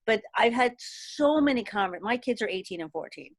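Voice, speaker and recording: A woman's voice: medium pitch, lively intonation, moderate pace. Emphatic woman in casual discussion. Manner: emphatic, conversational. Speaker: panelist.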